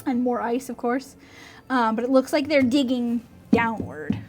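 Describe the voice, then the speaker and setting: A woman narrating as dungeon master, animated and giggly, often breaking into shrieking little voices. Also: fairly high pitch, a little slow, soft background music. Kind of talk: narrating a tabletop game.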